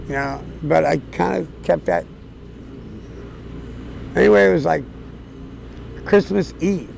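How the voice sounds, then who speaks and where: A man of around 60 telling his life story outdoors on a city street, plain-spoken and casual, with fillers and soft chuckles. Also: fairly high pitch, measured pace, creaky, long pauses, a little hiss or hum, poor audio. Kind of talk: candid storytelling.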